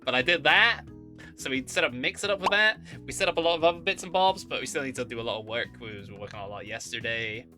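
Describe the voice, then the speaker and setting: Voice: mid-range voice, lively intonation, fast talker, over music. A streamer chatting live, greeting viewers with bubbly, goofy exclamations.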